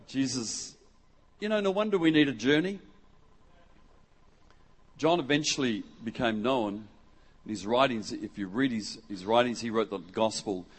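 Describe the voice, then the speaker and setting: Speaking at a measured pace with long pauses, a middle-aged Western Australian man delivers a sermon in a husky, medium-pitched, animated voice. As guest preacher in a church hall, he jokes, talks conversationally, acts out quotes, and engages the congregation.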